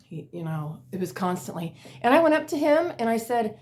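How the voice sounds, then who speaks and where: A woman's voice: on the high side, big pitch swings, a little fast, a little mellow. A woman casually telling funny work stories on her vlog, rambling with lots of fillers and laughing at herself. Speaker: vlogger. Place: at home in a chair.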